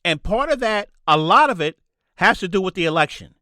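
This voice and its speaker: A man's voice: high-pitched, expressive, fairly quick, sharp tone, no echo, clean studio sound. A man hosting his own political podcast, ranting in a solo commentary and repeating his points for emphasis. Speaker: podcast host.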